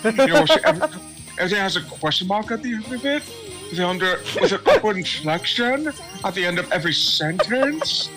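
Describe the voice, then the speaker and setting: A man's voice: high voice, sing-song, brisk, music in the background, low-quality recording. A man co-hosting a casual live-stream podcast, playful and teasing. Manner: playful teasing, with brief jokey put-on voices. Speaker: podcast co-host.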